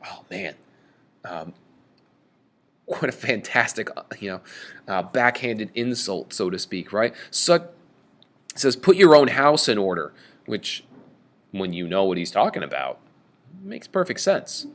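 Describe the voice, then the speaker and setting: Animated man teaching a play. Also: mid-range voice, unhurried, long pauses. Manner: animated, reads quoted lines with raised voice. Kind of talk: lecture reading and explaining a play.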